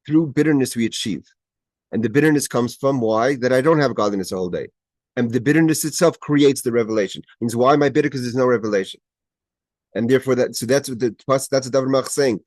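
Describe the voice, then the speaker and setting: A man's voice: mid-range voice, quick pace, a little mellow, no room sound. A man teaching a Torah class over a video call. He explains Hebrew quotes in English, often restarts his sentences, and gets emphatic at key points. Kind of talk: explaining a Hebrew text line by line.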